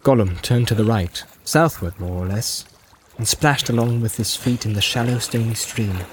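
A man narrating a fantasy novel in an even, measured storytelling voice. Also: lowish voice, noisy background. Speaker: audiobook narrator. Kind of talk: scripted narration.

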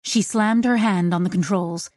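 A woman narrating an audiobook in an even, measured storytelling voice. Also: on the low side, no room sound, clean studio sound. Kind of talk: scripted narration.

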